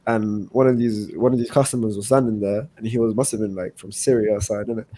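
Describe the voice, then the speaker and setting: A man chatting casually with friends, telling a slangy anecdote with quick asides. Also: fairly low pitch, steady tone, warm tone, slight background noise. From India. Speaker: podcast co-host. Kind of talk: casual chat.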